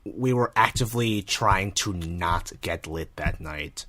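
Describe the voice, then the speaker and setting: A podcast co-host in casual chat, talking in an unhurried way with halting fillers and bursts of laughter. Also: low-pitched, fairly bright tone.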